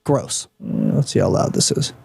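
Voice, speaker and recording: A man's voice: low-pitched, huge pitch swings, moderate pace, gravelly, warm tone, husky. A young man giving teasing, wry commentary while reacting to a video. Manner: wry, teasing, dry remarks.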